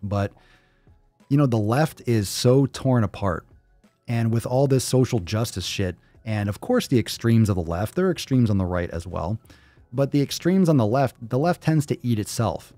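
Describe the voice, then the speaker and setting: Male host, casual profane commentary, emphatic repeats; dark warm tone, dry close recording. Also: medium pitch, animated, normal speed, dry recording, soft background music. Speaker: podcast host.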